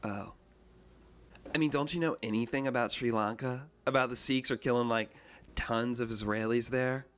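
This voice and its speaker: A man voicing a flighty young woman who speaks meekly and haltingly, in a novel read aloud. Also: mid-range voice, fairly even intonation, a bit bright, natural voice. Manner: meek, halting.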